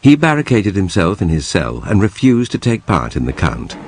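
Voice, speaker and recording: A man narrating a documentary in a measured, grave, scripted delivery. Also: deep voice, wildly swooping pitch, a little mellow, slight background noise.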